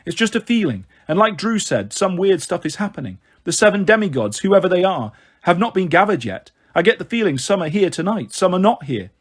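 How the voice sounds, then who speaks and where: A man voicing a young female prophet who is earnest and shaken, with a husky voice and a halting delivery. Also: sits high, sing-song, heavily acted.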